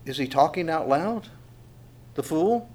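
A middle-aged man teaches a Bible passage verse by verse in a somewhat high, darkish voice that is animated and a little slow. He talks conversationally, poses rhetorical questions, and leans hard on key words with dynamic emphasis.

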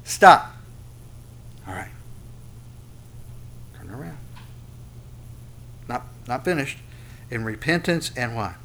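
A man preaching a sermon, animated, asking rhetorical questions and repeating phrases for emphasis. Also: medium pitch, takes it slowly, vocal fry, pauses often. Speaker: pastor.

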